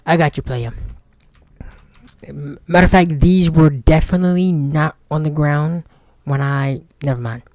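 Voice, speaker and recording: A man's voice: a little high, a little slow, darkish tone, no echo, studio quality. A young man giving casual let's-play commentary, joking and talking back to the game's characters. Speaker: gaming streamer.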